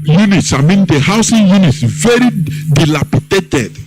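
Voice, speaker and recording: A man's voice: sits high, sing-song, normal speed, music in the background, low-quality recording. A Nigerian man hosting a political radio commentary, speaking with mocking scorn and mimicking others. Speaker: host.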